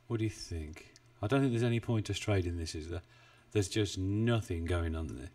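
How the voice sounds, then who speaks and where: Rambling man, low voice, distant mic. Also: animated, normal speed, few pauses, mellow. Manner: chatty, rambling, self-deprecating, chuckles often. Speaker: forex trading live streamer. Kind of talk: casual live-stream chat. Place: home desk in the UK. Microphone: desk mic, not well placed.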